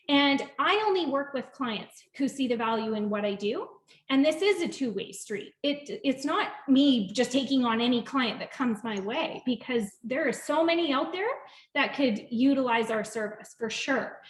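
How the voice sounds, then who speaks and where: A woman's voice: a little high, normal speed. A middle-aged woman, a sales executive, telling stories in a casual interview and acting out the dialogue. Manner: animated, acts out quoted dialogue. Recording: echoey room.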